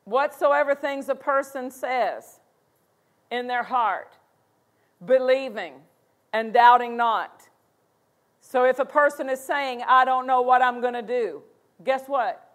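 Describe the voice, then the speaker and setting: A woman's voice: high voice, slow pace, long pauses. A woman pastor preaching a sermon, emphatic and repeating key phrases.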